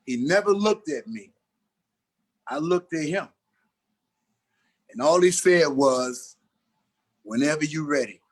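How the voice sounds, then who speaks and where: Speaking slowly with frequent pauses, a man with a slightly high voice shares a personal anecdote as a podcast guest. He's a middle-aged actor and an animated storyteller who acts out what everyone said.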